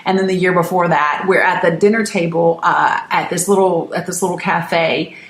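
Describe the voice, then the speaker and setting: A woman's voice: lowish voice, fairly even intonation, normal speed, slight background noise. A middle-aged woman hosting her own show, telling viewers a personal family story earnestly and emphatically, often restarting her sentences. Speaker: host. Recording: roomy echo.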